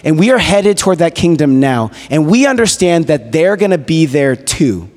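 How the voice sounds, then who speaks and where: Male guest preacher, casual storytelling sermon, raised pitch, long hall echo. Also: moderate pace. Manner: conversational, animated retelling with casual fillers. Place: church hall. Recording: echoey hall reverb.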